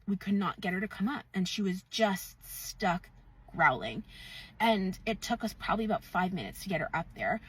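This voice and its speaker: A woman's voice: fairly low pitch, breathy edge, no room sound, far from the mic. A woman earnestly recounting an eerie shared dream, stressing her disbelief. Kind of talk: casual spooky storytime. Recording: dry, a bit off-mic.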